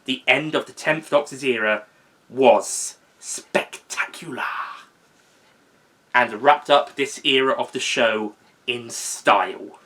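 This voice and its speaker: Bright-voiced young man rambling casually. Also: medium pitch, a little slow. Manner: rambling, with fillers and self-corrections. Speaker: video host ranking seasons. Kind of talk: casual unscripted commentary.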